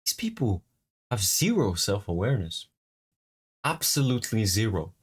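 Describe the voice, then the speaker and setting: A man reacting to a clip, talking bluntly and scornfully, swearing and pausing on fillers. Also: fairly low pitch, sing-song, breathy edge. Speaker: reaction video host. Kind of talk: profane reaction commentary.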